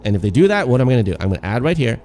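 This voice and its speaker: A man's voice: mid-range voice, sing-song, racing, a little mellow, slight background noise. A man giving live trading commentary to his chat. He stutters a little and repeats words, chatty and laughing often. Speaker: day trading streamer.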